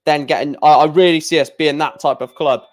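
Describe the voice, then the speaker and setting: A man's voice: a little high, steady tone, a little fast. Bloke live streaming, rambly and blunt, trips over his words a lot. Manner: rambling, stammering restarts, blunt opinions. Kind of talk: casual live-stream chat.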